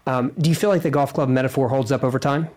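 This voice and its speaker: A man's voice: medium pitch, fairly even intonation, fast talker, darkish tone. A man hosting a podcast who asks questions casually, with self-deprecating asides and hesitant restarts. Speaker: podcast host.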